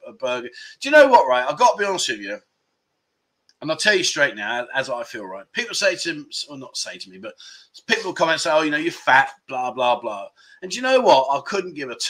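Bloke, 50s, slightly high voice, chatty live stream host reading out comments and laughing a lot. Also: male voice, pushed and bright. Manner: chatty and candid, chuckling often. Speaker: livestream host. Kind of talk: casual live chat reading viewer comments.

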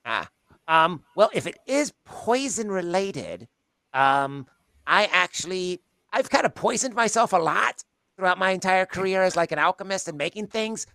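Jokey guy playing a tabletop game in character, bright voice, kinda high. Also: very animated, moderate pace, vocal fry, no echo. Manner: playful, jokey. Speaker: player.

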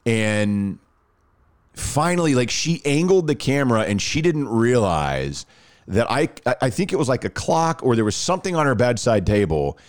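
Man, casual podcast chat, storytelling, mid pitch. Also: normal speed. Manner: animated storytelling, frequent restarts and "man".

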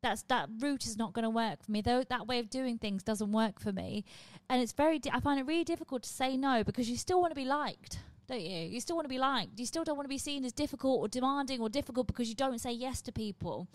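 A woman's voice: on the high side, lively intonation, quick pace, few pauses, no room sound. A woman comedian talking to camera from her home, chatty and blunt and swearing freely. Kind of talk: casual monologue to camera.

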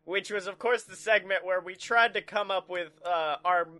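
A man's voice: sits high, normal speed, bright, forceful tone. A man co-hosting a podcast in casual chat, loose and profane, laughing easily. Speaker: podcast co-host.

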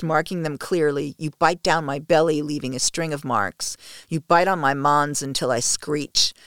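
A woman narrating an intimate first-person story in a soft, hushed, slow manner. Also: deep voice, dry recording, clean studio sound.

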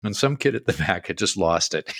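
Middle-aged man, animated storyteller, lively up-and-down pitch, dry close sound. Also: brisk, no echo. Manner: animated, laughing while telling a story. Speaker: co-host. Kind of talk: casual storytelling.

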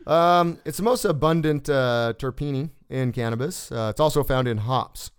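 A man hosting a casual podcast, reading news stories in a relaxed, joking way with fillers. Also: mid-range voice, normal speed, smooth. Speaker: podcast host.

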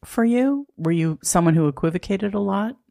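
A woman's voice: mid-range voice, lively intonation, normal speed, vocal fry, dark tone. A woman hosting a podcast interview, listening attentively and asking thoughtful questions. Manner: attentive listener, short affirmations. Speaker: podcast host. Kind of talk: conversational interview.

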